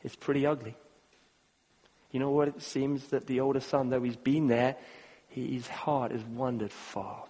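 A man preaching a sermon, earnest and halting, repeating words and swinging between loud appeals and hushed moments. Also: medium pitch, flat delivery, slightly rough. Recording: long reverb of a large hall.

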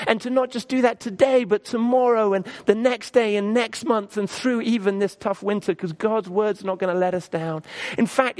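A man preaching a sermon as pastor, earnest and stumbling through restarts, dropping low and soft on key phrases.

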